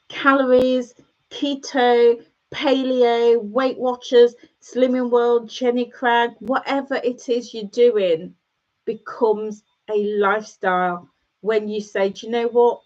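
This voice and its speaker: A woman's voice: fairly high pitch, darkish tone. A middle-aged woman hosting a casual motivational chat with her viewers, encouraging them and repeating phrases for emphasis. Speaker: host. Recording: dull lo-fi sound.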